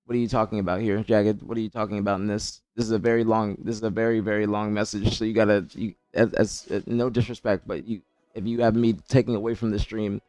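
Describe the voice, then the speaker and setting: A man's voice: lowish voice, little pitch movement, quick pace, a little mellow, no room sound. A man streaming live, chatting casually and reading viewer messages, rambling and repeating himself as he answers chat. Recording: dry close mic with faint music behind.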